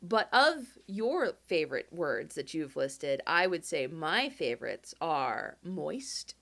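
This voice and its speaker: A woman chatting casually as she reads out viewer postcards, animated and quick to jump up in pitch with delight. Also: creaky. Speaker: video creator reading fan mail. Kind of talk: casual chat, reading postcards aloud.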